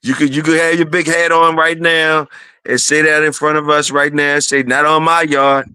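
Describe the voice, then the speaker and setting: A man's voice: a little high, completely flat delivery, normal speed, sharp tone, clear, resonant tone, dry recording. A man in a casual streamed talk, teasing others with profane banter and repeating their names for emphasis.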